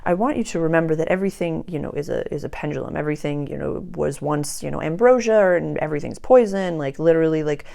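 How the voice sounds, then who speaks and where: A woman with a notably low voice gives a casual spoken astrology and tarot reading. She talks earnestly and emphatically, circling back to repeat key phrases. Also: fast, vocal fry, hardly any pauses, dark tone.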